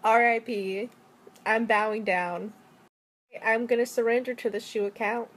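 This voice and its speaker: A woman's voice: on the high side, steady tone, measured pace. A young adult woman chatting casually into her phone camera, rambling and joking with lots of "like". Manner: rambling, joking, heavy use of "like". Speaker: vlogger. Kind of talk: casual selfie-story chat.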